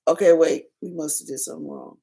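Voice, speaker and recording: Woman co-host, deep gravelly voice, relaxed explaining. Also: fast. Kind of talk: casual discussion.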